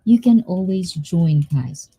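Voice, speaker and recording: A Filipino woman hosting a casual livestream chat, bubbly and quick to laugh between lines. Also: fairly low pitch, animated, dark tone, slightly rough. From Philippines. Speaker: livestream host.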